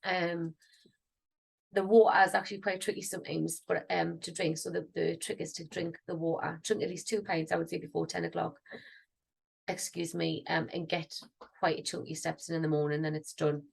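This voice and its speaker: A woman's voice: on the low side, flat delivery, moderate pace, creaky, breathy edge, rough recording. A woman, rambling and thinking aloud in a casual vlog. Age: 30s. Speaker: singer vlogging.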